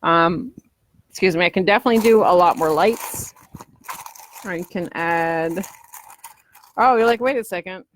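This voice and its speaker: A woman's voice: lowish voice, a little slow, pauses often, a little hiss or hum. A woman crafter chatting casually through a live demo at home, rambling and acting out what customers might say. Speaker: polymer clay crafter selling ornaments.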